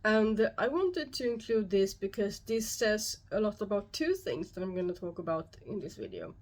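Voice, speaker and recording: A woman with a Swedish accent, a YouTube host talking alone to camera, calm and measured, often pausing. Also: mid-range voice. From Sweden. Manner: calm, measured explaining with frequent pauses. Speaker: YouTube host and shamanic practitioner. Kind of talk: solo explanatory talk to camera.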